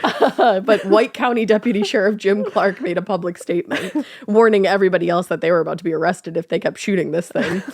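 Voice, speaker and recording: Gravelly woman telling a podcast story. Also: medium pitch, a little fast, no room sound, clean studio sound. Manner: laughing, reading quotes, riffing. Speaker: podcast co-host telling a true-crime style story. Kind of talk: casual storytelling chat.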